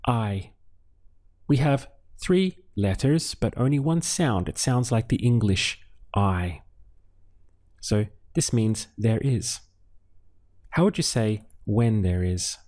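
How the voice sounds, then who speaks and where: Slow, patient, low-voiced man teaching. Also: lively intonation, darkish tone. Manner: patient, asks questions then pauses for answers; spells out syllables slowly. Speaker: Spanish teacher. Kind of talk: slow step-by-step language lesson.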